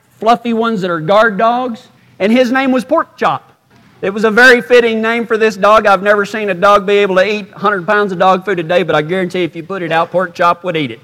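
Cowboy preacher guy telling a story onstage, folksy drawl, pretty high voice, big echoey hall. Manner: folksy drawl, drops to a hush at sad moments. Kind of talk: storytelling sermon. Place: stage before a live audience. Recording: reverberant hall.

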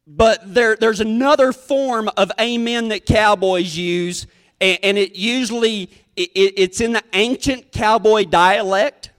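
A man's voice: high-pitched, a little slow, fairly bright tone, clear, resonant tone. A man preaching a storytelling sermon as a cowboy preacher, folksy. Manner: folksy, drawling storyteller who acts out quoted voices.

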